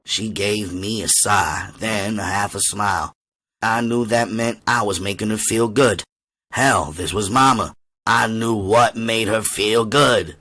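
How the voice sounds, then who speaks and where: A man reading a novel aloud as an audiobook reader, with steady, measured storytelling. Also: on the low side.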